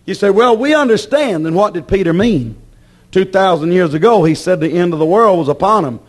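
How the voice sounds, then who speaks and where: A man preaching a sermon with passion, acting out his listeners' objections and swinging between loud declarations and hushed warnings. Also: sits high, brisk. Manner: voices imagined objections from the congregation.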